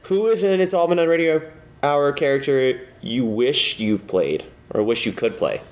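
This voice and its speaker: A man at a middling pitch rambles cheerfully through a casual chat with a castmate. He laughs easily. His voice rings with a noticeably roomy echo. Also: moderate pace. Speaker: cast member interviewing a castmate.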